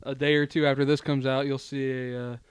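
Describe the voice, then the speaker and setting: A man's voice: mid-range voice, flat delivery, brisk, clean tone, no room sound. A man hosting a casual podcast with friends, joking and laughing often. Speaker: podcast host. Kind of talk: casual chat.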